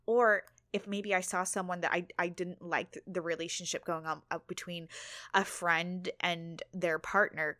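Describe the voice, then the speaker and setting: Female podcast host, bright tone, dry close sound, candid and loose. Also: on the low side, no echo. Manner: candid, swears freely, laughs at herself. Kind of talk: casual solo monologue.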